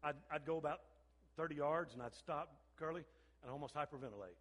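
An older man, a pastor, preaching a sermon with animated storytelling and repeated phrases. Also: fairly high pitch, a little fast. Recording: long hall reverb.

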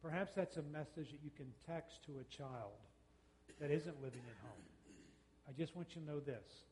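A man giving a talk on parenting, folksy and conversational, acting out quick exchanges with kids. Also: on the high side, darkish tone, long reverb tail. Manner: folksy, uses quoted dialogue and quick mock exchanges. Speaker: speaker on parenting, radio host and counselor.

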